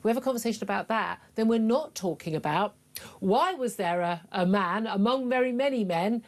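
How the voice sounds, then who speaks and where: A woman's voice: medium pitch, lively intonation, brisk. A middle-aged woman hosting a talk radio show, forthright and emphatic, with frequent fillers. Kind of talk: opinionated talk radio monologue.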